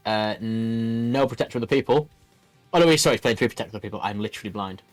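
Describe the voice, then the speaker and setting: A man's voice: medium pitch, quick pace, dry recording, soft background music. Rambling man commentating a card game. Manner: rambling, lots of fillers and restarts. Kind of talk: casual play-by-play commentary.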